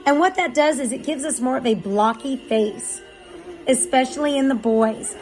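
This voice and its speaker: A woman's voice: sits high, normal speed, darkish tone, faint music behind, rough recording. A woman dog breeder in a casual vlog, chatting and explaining with filler ums.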